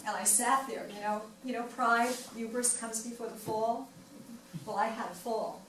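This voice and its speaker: An older woman giving a personal wellness talk at a library event, telling her story in an animated way and acting out the dialogue. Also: fairly high pitch, moderate pace. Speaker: wellness speaker. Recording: echoey room from far off, noisy.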